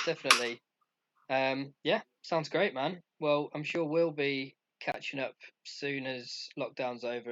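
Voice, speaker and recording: A man with a Nottingham accent, hosting a community radio interview in a relaxed, friendly way. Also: medium pitch. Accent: Nottingham English. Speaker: radio host. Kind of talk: casual interview chat. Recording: slightly dull with faint hiss.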